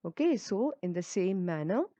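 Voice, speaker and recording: A woman teacher with an Indian English accent, slowly reading a textbook story and explaining what each word means. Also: mid-range voice, very animated, mellow, no echo. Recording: dull lo-fi recording.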